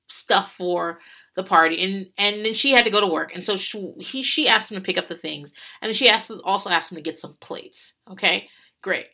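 A woman's voice: mid-range voice, bright, forceful tone. A woman hosting a podcast, recapping a reality show in rambling casual chat, swearing freely and laughing often.

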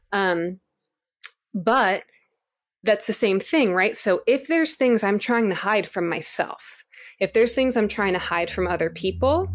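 A woman co-hosting a casual spiritual chat, animated and rambling, often laughing and asking listeners to bear with her. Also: on the low side.

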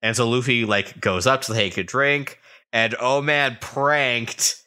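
A man's voice: mid-range voice, steady tone, bright, forceful tone, clean tone. A man co-hosting a podcast, recapping a manga chapter by chapter in casual chat with joking asides. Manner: recaps the plot with joking asides and quick voiced quotes. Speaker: podcast co-host.

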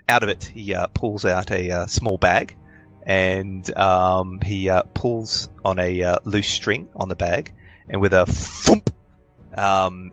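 A man narrating a tabletop game as game master, halting with many ums and uhs. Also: deep voice, fairly bright tone, dull audio.

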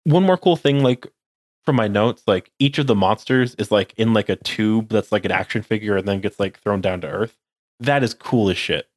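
A man's voice: on the low side, moderate pace, no echo, clean studio sound. A young man co-hosting a casual podcast chat, rambling with lots of "like". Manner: rambling, heavy use of "like". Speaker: podcast co-host.

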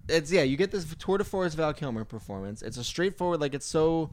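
A man co-hosting a casual podcast, retelling film scenes with lively quoted lines. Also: on the high side, brisk. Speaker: podcast co-host. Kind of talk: casual chat.

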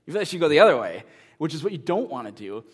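Animated male pastor telling a story. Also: on the high side, racing, slightly rough. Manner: animated storytelling, building to a quiet earnest appeal. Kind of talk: sermon.

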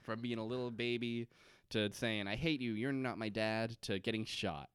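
A man's voice: fairly low pitch, steady tone, moderate pace, clean tone, dry recording, clean studio sound. A man co-hosting a podcast, recapping a TV episode in a joking, profane way and acting out quotes in silly voices. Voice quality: profane, laughs often. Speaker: podcast co-host. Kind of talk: casual recap chat.

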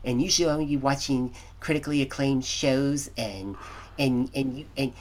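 A man's voice: mid-range voice, normal speed, lightly acted. A man voicing a stuffy, snobbish male TV critic in a fake British accent, pompous and disdainful.

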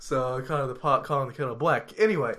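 A man's voice: mid-range voice, fast talker, heavy background noise. A young man co-hosting a casual podcast chat, rambling, laughing often and trailing off mid-sentence. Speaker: podcast co-host.

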